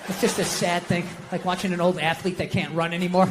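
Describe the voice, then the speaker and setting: A man doing stand-up comedy in an American accent, ranting and sarcastic, swearing a lot and swinging between muttered asides and yelling. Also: sits high, little pitch movement, fairly quick, big-room sound, background noise.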